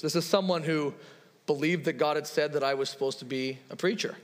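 A man's voice: on the high side, lively intonation, normal speed, vocal fry, fairly bright tone. Male pastor preaching in a reverberant hall. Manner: conversational storytelling with laughs and quoted dialogue. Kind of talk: sermon.

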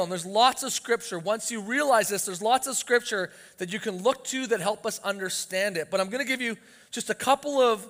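A man's voice: high voice, fairly bright tone. A pastor preaching a sermon to his church, earnest and emphatic, his voice rising with urgency on key points. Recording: long reverb of a church hall.

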